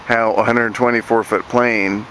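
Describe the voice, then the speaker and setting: An angry man from Virginia rants to camera, swearing constantly and sneering at the people he is attacking. His delivery is slow and drawn out, at a middling pitch. Faint street and traffic noise sits in the background. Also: little pitch movement, fairly bright tone. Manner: profane, sneering, mocks opponents in shrill put-on voices. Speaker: vlogger ranting to camera. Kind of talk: angry profane rant.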